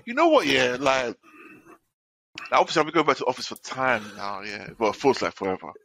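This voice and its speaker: A man's voice: medium pitch, brisk, creaky. A man, co-hosting a podcast and telling a story in casual slang-filled chat. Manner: animated storytelling with London slang. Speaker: podcast co-host.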